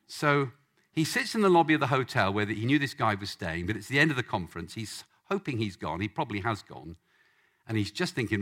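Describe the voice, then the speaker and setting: Animated preacher, lively pitch. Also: male voice, a little fast. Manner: animated, acts out voices in the story. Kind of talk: storytelling sermon.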